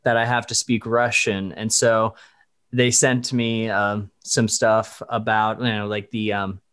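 A man's voice: fairly low pitch, little pitch movement, measured pace, a bit bright, clear, resonant tone. A man from the Dallas-Fort Worth area, a voice actor guest in a casual podcast interview, rambling and correcting himself as he goes. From Dallas-Fort Worth area, USA. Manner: rambling, stop-start, self-correcting, laughs often.

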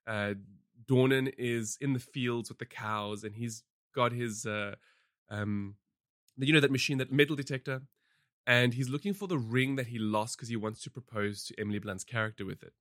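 A man's voice: medium pitch, normal speed, fairly bright tone, dry recording. Chatty man reviewing films, dry sound. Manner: rambling, chatty, laughs often, many fillers. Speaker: podcast host reviewing films. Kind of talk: casual chat.

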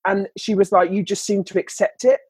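A woman's voice: medium pitch, fairly even intonation, brisk, darkish tone, slightly rough, dry recording. A young woman, telling her story as a podcast guest, chatty with lots of filler words. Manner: chatty, many "like" and "you know" fillers. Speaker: guest, children's book author. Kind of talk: candid podcast interview.

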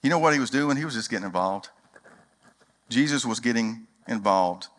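Man, pastor preaching, folksy storyteller, bright tone, reverberant church hall. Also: medium pitch, animated, moderate pace. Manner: folksy storytelling, acts out dialogue. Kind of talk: sermon.

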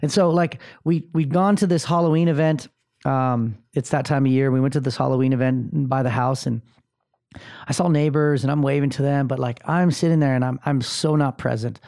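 Gravelly, profane man on a podcast. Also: medium pitch, steady tone, a little fast, darkish tone. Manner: blunt, profane, rambling with many fillers. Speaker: podcast host. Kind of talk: candid motivational podcast monologue.

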